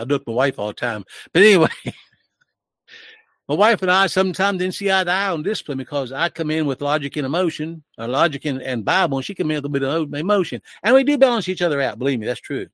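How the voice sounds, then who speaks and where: A man's voice: on the high side, expressive, fast talker, fairly bright tone, no room sound, studio quality. An older man in his sixties giving emotional, preachy commentary in a sermon-like style, with his voice rising when he gets worked up.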